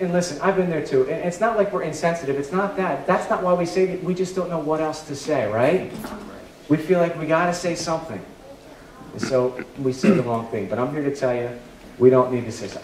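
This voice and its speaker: A pastor preaching in a loose, conversational way, emphatic and quick to poke fun at himself. His voice sits a little high for a man. The room is echoey, with the mic some way off. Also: recorded from a distance, slight background noise. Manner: conversational, emphatic, self-deprecating. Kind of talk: sermon. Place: church.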